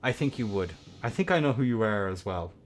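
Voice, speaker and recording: A young man hosting a game tournament stream, rambling and swearing between bursts of excited play-by-play commentary. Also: on the low side, brisk, soft background music. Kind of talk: casual livestream game commentary.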